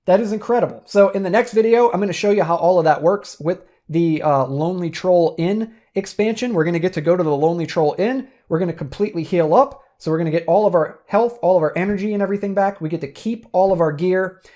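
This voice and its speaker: A young man hosting a board game channel, narrating a solo tabletop playthrough with excited commentary and calling his viewers "dudes". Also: sits high, quick pace, hardly any pauses.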